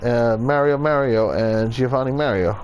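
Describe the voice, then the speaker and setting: A man playing a video game, reading its entries aloud and adding dry jokes and quick self-corrections. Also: medium pitch, darkish tone, a little hiss or hum, low-quality recording. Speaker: gameplay video host. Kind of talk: reading game text aloud with jokey asides.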